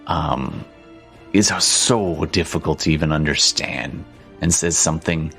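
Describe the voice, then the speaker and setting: A man narrating a tabletop game as game master, halting with frequent ums and restarts. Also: a bass voice, gravelly, bright, forceful tone, faint music behind.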